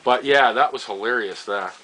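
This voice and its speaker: An older man from Nova Scotia shares family stories casually, with a bright, forceful mid-range voice at a moderate pace. He chuckles often and tends to trail off and repeat himself. There's slight background noise, and the recording is rough.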